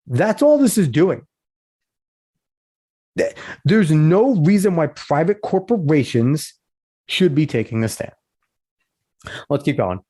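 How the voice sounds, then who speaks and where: A man's voice: a little high, big pitch swings, slow, long pauses, warm tone. A man hosting a podcast, reading a news article aloud and breaking off into blunt, profane, sarcastic commentary. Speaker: podcast host.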